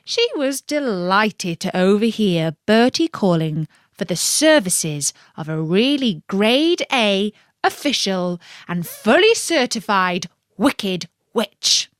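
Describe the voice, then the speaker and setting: A woman reads a children's bedtime story in a slow, unhurried way. Her pitch rises and falls with lively expression, and the sound is dry and close. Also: no echo. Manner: warm, playful, expressive reading.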